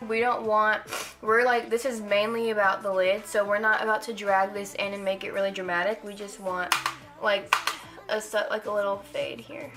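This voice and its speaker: A woman's voice: medium pitch, little pitch movement, normal speed, music in the background. An eighteen-year-old woman talking through a casual makeup tutorial, chatty and rambling with lots of "like" fillers. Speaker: makeup vlogger.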